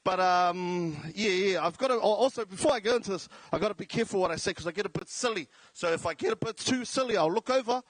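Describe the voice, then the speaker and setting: A man's voice: sits high, quick pace, few pauses, dry recording. A man with a South Auckland accent talking on stage as a comedian, jokey and self-deprecating. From New Zealand. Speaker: comedian and radio host. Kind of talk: stand-up style talk. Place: large indoor venue.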